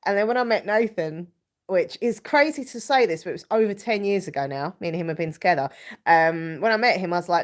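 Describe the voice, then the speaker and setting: A woman's voice: on the low side, expressive, a little fast. A woman, hosting a casual live stream chat, bunged up with a cold and rambling as she reads out viewer comments. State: stuffy nose from a cold.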